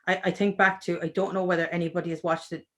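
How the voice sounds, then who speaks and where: An Irish woman speaks as a guest on a video-call interview. She is chatty and animated, often restarting her sentences mid-thought. The sound is that of a home video call. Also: fairly low pitch, quick pace. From Ireland. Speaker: author guest.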